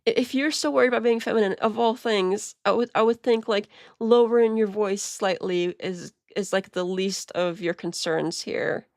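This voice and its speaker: A woman's voice: mid-range voice, moderate pace, hardly any pauses, no echo, clean studio sound. A woman streamer giving rambling, laughing commentary on video clips. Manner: rambling, many restarts and laughs. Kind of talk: casual commentary.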